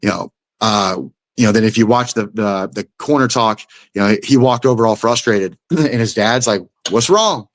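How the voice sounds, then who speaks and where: A man's voice: lowish voice, fairly even intonation, normal speed, no echo. A young man, a guest fighter, telling a fight story in casual chat. He swears freely and acts out the blows with sound effects.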